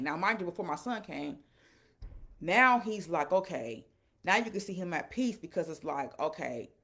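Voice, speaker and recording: A woman's voice: sits low, breathy edge. A woman recounting a painful personal story in a casual, rambling, emotional way, often repeating herself. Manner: emotional, animated retelling. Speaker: live-stream storyteller.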